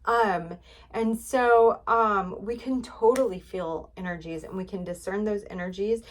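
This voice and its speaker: A woman's voice: mid-range voice, unhurried, slight background noise. A woman running a casual spiritual card reading. She talks in a chatty, rambling way, full of fillers, and she is encouraging and repeats herself. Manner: encouraging, repetitive.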